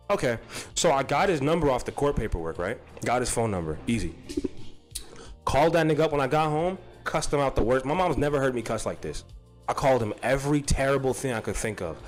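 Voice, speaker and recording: A man's voice: mid-range voice, moderate pace, faint music behind. A young man telling a personal story in a casual, profane, rambling way. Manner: profane, animated, rambling with restarts.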